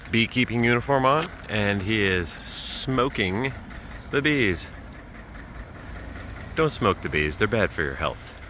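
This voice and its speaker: A man with a low, fairly bright voice chats casually to his camera as he walks through a town, rambling and joking at his own expense. He's a vlogger on a pilgrimage, and outdoor street noise runs underneath.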